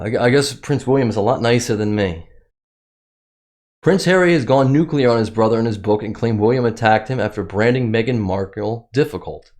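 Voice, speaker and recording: A man's voice: lowish voice, a little mellow. A man giving sarcastic commentary in a vlog, reading news excerpts aloud and mocking them. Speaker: commentary vlogger.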